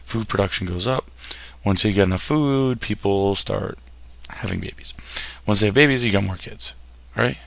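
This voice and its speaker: A man's voice: fairly low pitch, moderate pace, vocal fry, a little hiss or hum. A man teaching a history lesson over slides, casual and jokey, often tripping over words and restarting them. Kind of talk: classroom lecture over slides.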